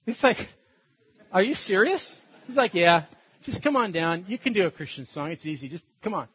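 An older man gives a personal testimony, acting out the people in his story with animated shifts. His voice sits high and husky. The recording is dull and dry, with no room sound. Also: quick pace. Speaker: testimony speaker.

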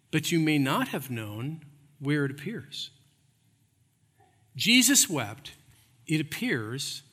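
A man preaching a sermon, emphatic, repeating phrases and swinging between loud and hushed. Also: medium pitch, big-room sound. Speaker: pastor.

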